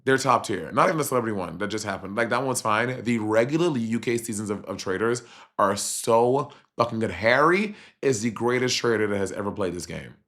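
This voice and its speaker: A man chatting casually on a livestream as he reacts to a reality show, animated and profane, with sudden jumps in pitch. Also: a little fast. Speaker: streamer reviewing a reality show.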